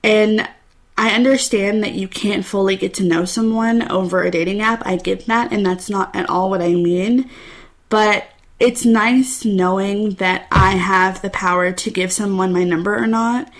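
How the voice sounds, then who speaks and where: A woman's voice: medium pitch, steady tone, measured pace. Young woman, twenties, solo podcast host; candid, chatty storyteller, mid-range voice. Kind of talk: casual solo podcast talk.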